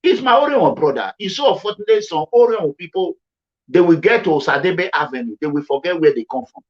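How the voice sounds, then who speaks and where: In dull lo-fi sound, a Nigerian-accented commentary vlogger from Edo State talks fairly quickly and with animation. His delivery is emphatic and repetitive for stress, moving between low and high pitch.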